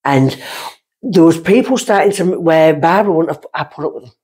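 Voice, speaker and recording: A middle-aged woman with a slightly husky voice talks as a guest on a podcast. She tells her stories in an animated, casual way and slips into little voices for the people in them. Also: sits low, normal speed. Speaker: guest medium. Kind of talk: casual storytelling chat.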